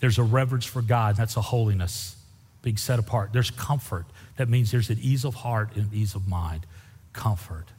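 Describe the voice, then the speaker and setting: Husky pastor preaching in a hall. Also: male voice, normal speed. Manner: folksy storytelling with lively swings in pitch. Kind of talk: sermon. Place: church sanctuary. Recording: echoey hall with long reverb.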